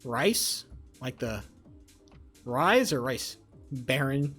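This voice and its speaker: A man's voice: mid-range voice, very animated, very slow, a bit bright, slightly rough, faint music behind. A young man chatting casually with his live-stream viewers, rambling, swearing and joking as he reads chat. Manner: rambling, profane, jokey, talks to chat.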